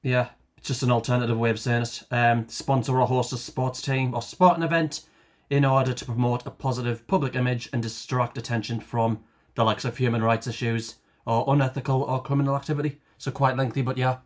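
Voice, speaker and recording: Geordie man, excitable word expert on a video call, laughs a lot. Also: medium pitch, brisk, hardly any pauses. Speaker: lexicographer on a quiz show. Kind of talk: casual chat on a call.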